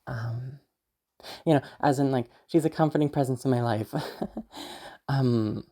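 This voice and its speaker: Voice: medium pitch, a little slow, dark tone. A young adult YouTube voice creator chatting casually to camera, rambling with frequent fillers and giggles. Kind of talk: casual vlog talk to camera.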